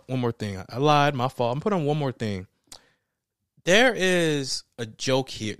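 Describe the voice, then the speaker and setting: A young man giving a casual, animated spoken film review, emphatic and slangy, swearing freely. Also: medium pitch, dry recording, clean studio sound.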